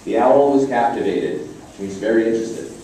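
Man reading a storybook aloud, gentle, dark tone, far from the mic in a roomy space. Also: medium pitch, a little fast, slight background noise. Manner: gentle, with casual asides. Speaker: storybook reader. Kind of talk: reading a children's picture book aloud. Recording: echoey room from far off.

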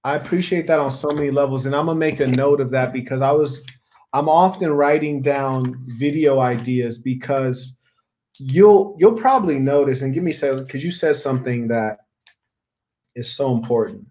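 A man's voice: mid-range voice, normal speed, a little mellow. A man hosting a discussion, talking in an emphatic, preachy way and repeating his key words for weight. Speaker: podcast host. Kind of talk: opinionated discussion.

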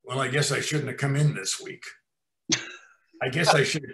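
A man's voice: medium pitch, fairly even intonation, moderate pace, creaky, fairly bright tone. A man quoting a sulky aging male actor who grumbles with sarcastic self-pity. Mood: sulky sarcasm. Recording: roomy echo.

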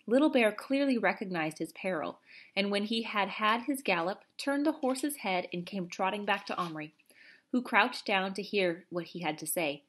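A woman reading a children's novel aloud in a steady storytelling voice. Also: mid-range voice. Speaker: reader.

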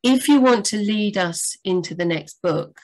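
A woman co-hosting a live writing Q&A, chatty and rambling, with sudden lively jumps in pitch. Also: a little slow. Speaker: book editor and co-host. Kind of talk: live Q&A chat.

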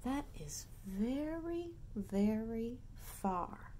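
A woman voicing a big, gentle father hare in a storybook, speaking calmly and tenderly. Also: mid-range voice. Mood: soft. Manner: calm, tender, unhurried.

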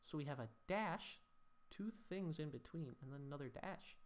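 A man's voice: on the high side, lively intonation, moderate pace. A man teaching Latin poetry scansion, thinking aloud as he works through each line, with mock-dramatic sighs at the rule-breaking.

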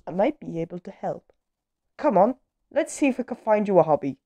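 A woman's voice: mid-range voice, sing-song, a little fast, warm tone. A woman voicing a cheerful, friendly male character in a children's storybook, in an eager, upbeat voice. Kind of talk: storybook read-aloud.

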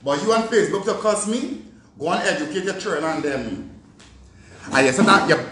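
A woman's voice: lowish voice, animated, brisk, a bit bright, roomy sound, a little hiss or hum. Profane Jamaican woman ranting. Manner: profane, scolding, taunting. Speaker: vlogger. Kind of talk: angry social media rant.

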